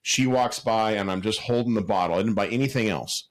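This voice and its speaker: A man co-hosting a podcast, chatting casually and telling animated stories with many restarts. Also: fairly low pitch, brisk. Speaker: podcast co-host. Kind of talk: casual chat.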